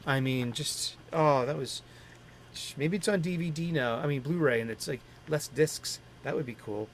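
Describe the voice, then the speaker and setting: This Boston-area host, a middle-aged man, chats casually on his comics stream in an eager, meandering way, frequently correcting himself. He sits on the high side at a moderate pace, with slight background noise.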